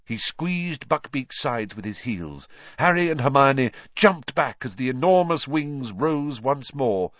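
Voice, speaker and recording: A man narrates an audiobook with a lively, expressive reading that rises and falls freely. The recording is dry and close, with a dull, slightly lo-fi tone. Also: medium pitch, measured pace, few pauses, dry recording. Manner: expressive reading, doing the characters' voices.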